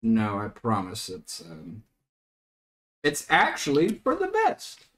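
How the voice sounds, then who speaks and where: A man's voice: mid-range voice, wildly swooping pitch, slow pace, fairly bright tone. A man playing a tabletop game, explaining things in a playful, reassuring way. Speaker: player. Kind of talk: casual tabletop play.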